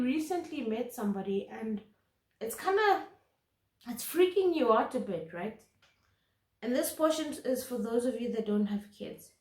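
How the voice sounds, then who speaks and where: Speaking to camera, a woman gives an intuitive tarot reading in an earnest, emphatic way, often repeating words for stress. Her voice is fairly high-pitched with a darkish tone, and the recording is reverberant.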